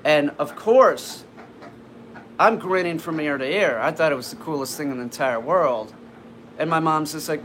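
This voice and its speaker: A man's voice: fairly high pitch, expressive, unhurried, a bit bright. Rambling man telling a story over background noise. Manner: rambling, with frequent restarts and fillers. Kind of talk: casual personal anecdote. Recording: noisy background ambience.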